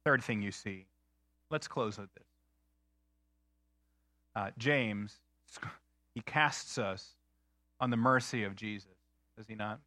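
A man preaching a sermon in an earnest, emphatic way, slowing down to stress key phrases. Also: on the low side, sharp tone, no room sound, studio quality. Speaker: pastor.

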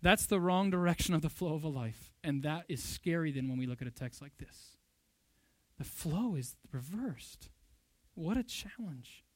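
A man's voice: on the high side, expressive, normal speed, no room sound. A pastor preaching a sermon, emphatic and fond of rhetorical questions, a father of young children. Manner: emphatic, rhetorical questions, loud bursts when quoting.

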